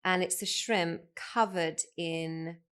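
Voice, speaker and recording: A woman's voice: lowish voice, steady tone, takes it slowly, a bit bright, clear, resonant tone. A woman hosting a podcast, chatting casually and reacting with enthusiasm. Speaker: podcast host. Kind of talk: casual interview chat.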